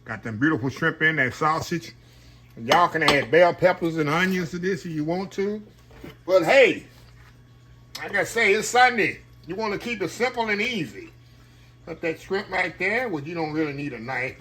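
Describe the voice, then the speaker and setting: A man's voice: fairly high pitch, sharp tone, slight background noise. A man hosting a casual cooking vlog, talking to viewers in a folksy, repetitive way and humming as he tastes the food. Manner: folksy, repeats "y'all" and "look at that", hums while eating. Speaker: cooking channel host.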